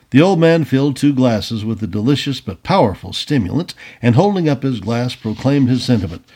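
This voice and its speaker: A man reading a historical story aloud as a storyteller, lively, with casual asides. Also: mid-range voice, brisk, few pauses.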